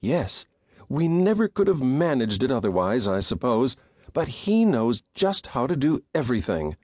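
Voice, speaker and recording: A man voicing a cheerful, trusting young woman in an audiobook, bright and eager. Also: mid-range voice, big pitch swings, normal speed, no room sound, studio quality, voice pushed up. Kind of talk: audiobook character voice.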